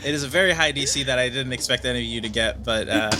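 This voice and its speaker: A man narrating a tabletop game as game master, relaxed and halting, with frequent ums and uhs. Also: medium pitch, noisy background.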